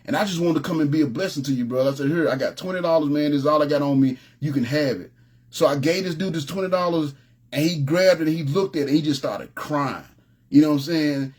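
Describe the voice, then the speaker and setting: Casual, slangy preacher man with a higher voice. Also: fast talker, darkish tone, slightly rough. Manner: informal, streetwise, repeats "you know what I'm saying". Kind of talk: conversational sermon with storytelling.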